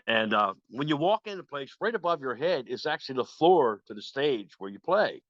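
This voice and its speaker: Older male guest, lively storyteller, dull dry lo-fi sound. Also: mid-range voice, moderate pace, no echo. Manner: animated, acts out quoted voices. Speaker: guest guitarist. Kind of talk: casual storytelling.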